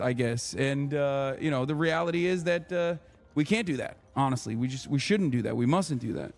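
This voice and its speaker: A man's voice: a little high, lively intonation, fairly quick. A man livestreaming political commentary, ranting emphatically and swearing freely.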